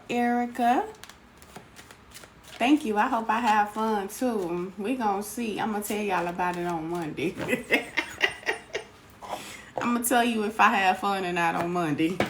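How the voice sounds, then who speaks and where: A woman hosting a casual live tarot stream, greeting viewers by name and calling them sweetheart. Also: medium pitch. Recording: noisy home recording.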